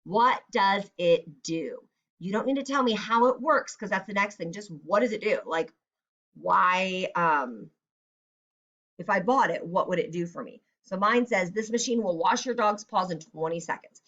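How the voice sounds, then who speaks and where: A woman's voice: mid-range voice, lively intonation, a little slow, a bit bright, dull audio. A woman teacher giving a recorded writing lesson to children, guiding them step by step and acting out example sentences. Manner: step-by-step, encouraging, acts out example lines.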